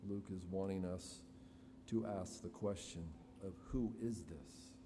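A man preaching an expository sermon to his congregation, slow and deliberate with dramatic pauses. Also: sits low, steady tone. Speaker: pastor. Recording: reverberant hall, faint room noise.

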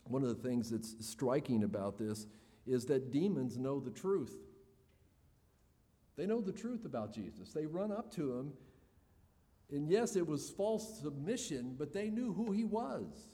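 A man's voice: on the high side, lively intonation, unhurried, dark tone, in a large hall. A man preaching a sermon in an earnest, expository way, building emphasis as he makes his points.

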